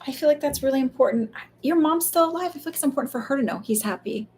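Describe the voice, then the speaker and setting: A woman's voice: high voice, animated, rapid-fire, a little mellow, slight background noise. A woman speaking as a psychic medium in a casual live reading, chatty and loose, full of fillers and the odd swear.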